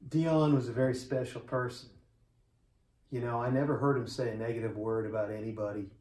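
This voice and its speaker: A man in his forties giving a funeral eulogy for a close friend, telling the story in a quiet, heartfelt, conversational way. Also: mid-range voice, level tone, brisk. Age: 40s. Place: church sanctuary. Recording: roomy echo of a church.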